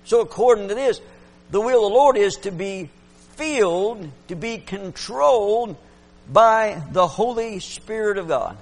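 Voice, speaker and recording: A man preaching a fervent sermon, swinging between loud exclamations and hushed asides. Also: sits high, animated, a little slow.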